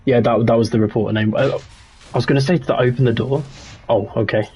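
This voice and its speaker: A man's voice: mid-range voice, fairly even intonation, fast talker, a little mellow, slightly rough. A young man, chatting casually and rambling on a livestream while he plays a game, laughing often and restarting his sentences. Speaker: streamer.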